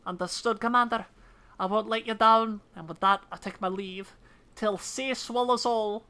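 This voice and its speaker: A woman's voice: on the high side, fairly even intonation, moderate pace, sharp tone, pitched above the performer's own voice. A woman voicing a brash, swaggering naval lieutenant in a put-on Scottish accent, reading game cutscene lines theatrically.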